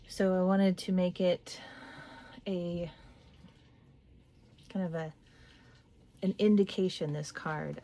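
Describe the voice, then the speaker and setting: A woman in her late thirties giving a tarot reading, talking in a meandering, soft-spoken way with little laughs. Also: on the low side, slight background noise. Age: late 30s. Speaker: tarot reader. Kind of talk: casual spiritual talk to camera.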